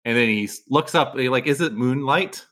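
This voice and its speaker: A man playing a tabletop role-playing game, excitedly narrating his character's actions in halting bursts. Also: medium pitch. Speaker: player.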